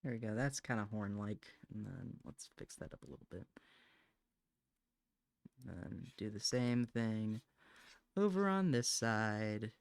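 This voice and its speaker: A man's voice: lowish voice, lively intonation, a little slow, gravelly, long pauses, clear, resonant tone, no room sound. A man at the end of a long day, drawing on a live stream and talking casually to his viewers. He is frank and a little snippy, then apologetic. The sound is dry and close. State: tired, late at night.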